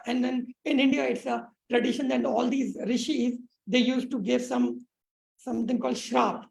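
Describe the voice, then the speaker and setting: A woman meditation teacher telling a spiritual teaching story on a support call, with many pauses, fillers and restarts. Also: a little high, fairly even intonation, gravelly, darkish tone, low-quality recording.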